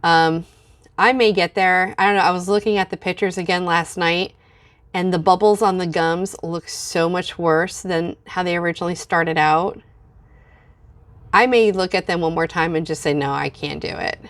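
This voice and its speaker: A woman's voice: on the low side, fairly even intonation, moderate pace, a bit bright. Frank, venting woman vlogger. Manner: candid, venting, frequent fillers. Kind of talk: casual vlog.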